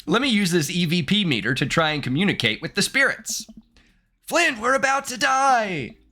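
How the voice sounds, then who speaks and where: A man's voice: on the high side, very animated, quick pace, bright, forceful tone, pitched above the performer's own voice, exaggerated voice. A man voicing a hokey ghost-hunting ice-road trucker in a put-on Canadian accent, drawling and exaggerated. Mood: frantic. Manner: drawling, panicky, exaggerated yokel twang.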